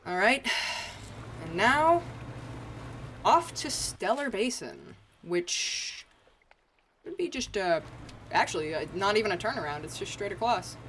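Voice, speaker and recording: This is a U.S. woman's casual commentary while streaming a video game: chatty, self-mocking, full of swearing and frequent laughter. Her voice is medium in pitch and a bit bright, over a slight hiss or hum.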